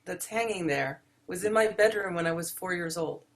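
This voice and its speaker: A woman entrepreneur answering interview questions from her home office, thoughtful and measured. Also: lowish voice, a little hiss or hum.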